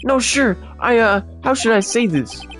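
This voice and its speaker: A man playing a jittery, clumsy young patrol officer in a video game, eager but lost. His lines bounce in a lively, raised voice over faint game music. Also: very high-pitched, measured pace, voice pushed up, heavily acted. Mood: flustered. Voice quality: flustered, ends lines with "sure". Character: nervous, bumbling young male patrolman.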